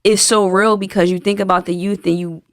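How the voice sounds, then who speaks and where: A woman hosting a podcast who talks quickly and casually, restarting her questions as she searches for the right words. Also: mid-range voice, flat delivery, dry recording. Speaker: podcast host. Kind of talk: casual interview chat.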